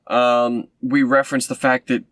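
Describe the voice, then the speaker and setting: A man rambles through a movie plot in a loose, sarcastic way, full of ums and side remarks. His voice sits at an ordinary pitch, and the sound is dry and close, with no room around it. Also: flat delivery, moderate pace, a bit bright, no room sound. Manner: sarcastic, rambling, with many fillers. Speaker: movie reviewer. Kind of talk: casual rambling recap.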